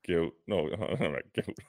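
Sitting on a bed in an almost empty house, a man who co-hosts a podcast and races as a pro cyclist rambles through casual conversation, laughing a lot. His low voice is animated, a little mellow and at normal speed. The recording is studio quality with no room sound.

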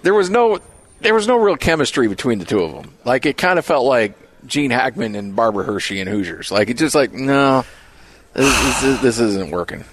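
A man's voice: mid-range voice, sing-song, a little fast. A man co-hosting a sports radio show, bantering in a joking, opinionated way.

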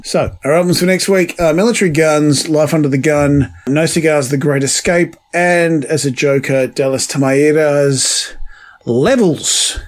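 A man's voice: fairly high pitch, measured pace. A man co-hosting a music podcast, trading sweary, sardonic banter in casual chat. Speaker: podcast co-host.

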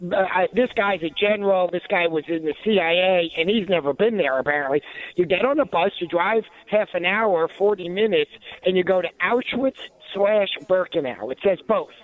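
Man, talk radio commentary, indignant and sarcastic, high-pitched, tinny phone-line sound. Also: normal speed. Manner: indignant, sarcastic, many restarts.

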